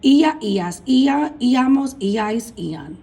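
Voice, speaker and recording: Slow, husky-voiced woman teaching. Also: on the high side, animated, mellow, low-quality recording. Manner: chanting verb endings, addressing students as folks. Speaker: Spanish teacher. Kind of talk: recorded classroom lesson.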